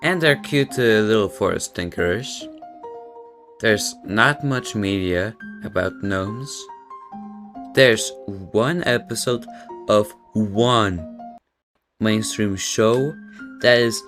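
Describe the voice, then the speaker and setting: A man narrating a scripted explainer for a school project, deliberate and wry, with playful pauses. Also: fairly low pitch, a bit bright, faint music behind. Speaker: student presenter.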